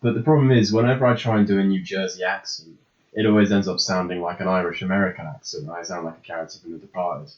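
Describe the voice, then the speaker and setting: A man's voice: deep voice, fairly even intonation, fast talker. A man co-hosting a podcast in casual chat, rambling and hesitant with frequent ums. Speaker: podcast co-host. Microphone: podcast microphone. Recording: roomy, slightly dull lo-fi sound.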